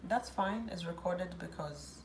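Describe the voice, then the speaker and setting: Low, gravelly woman chatting. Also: a little slow, background noise. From South Sudan. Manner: reads viewer questions aloud and answers them chattily, with firm asides. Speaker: host answering viewers' hair questions. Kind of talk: casual live Q&A.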